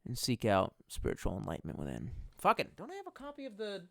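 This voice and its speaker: A man's voice: fairly high pitch, wildly swooping pitch, fast talker, vocal fry, hardly any pauses, dry recording, studio quality. A man chatting casually and profanely on a livestream, rambling from one thought to the next with self-mocking asides. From United States. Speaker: streamer.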